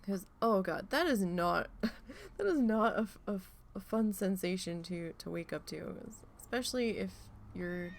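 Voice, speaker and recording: Gravelly-voiced woman streamer, rambling. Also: fairly low pitch, a little hiss or hum. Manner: rambling, swears freely, animated storytelling. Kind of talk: casual chat while gaming.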